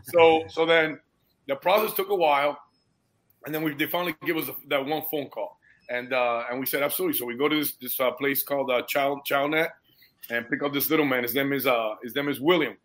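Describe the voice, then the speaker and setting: A man, a guest and foster parent, telling a story in animated casual conversation, dropping dude and bro and getting emotionally moved. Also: mid-range voice, brisk.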